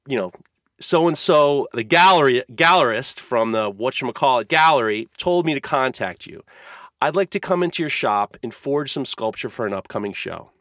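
A man's voice: medium pitch, fairly bright tone, no room sound, studio quality. A man hosting a casual podcast chat, ranting in a heated, profane way. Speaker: podcast host.

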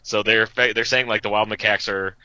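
Bright-toned man explaining things. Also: on the low side, steady tone, brisk, no room sound, highs cut off. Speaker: podcast co-host. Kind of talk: casual chat.

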